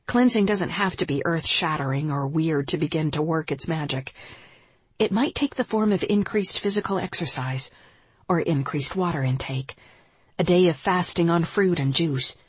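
A woman who teaches yoga, reading her spiritual nonfiction aloud in a calm, measured, reflective way. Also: fairly low pitch, breathy edge, no echo.

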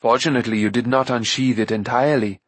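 A man voicing a calm, noble warrior prince who speaks in a measured, dignified way in an audiobook. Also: medium pitch, slightly rough, dry recording, natural voice. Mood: grave.

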